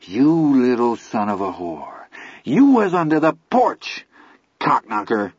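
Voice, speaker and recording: A man voicing a furious older teenage brother who shouts accusations. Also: medium pitch, big pitch swings, slow pace, breathy edge, no echo, exaggerated voice. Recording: dull lo-fi audiobook recording.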